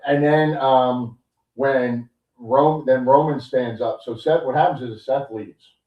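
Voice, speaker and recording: A man co-hosting a podcast who recaps a show in casual, animated chat full of "like" and "you know". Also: medium pitch, takes it slowly, distant mic. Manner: animated storytelling with many fillers. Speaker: podcast co-host. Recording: dull, roomy sound from off-mic.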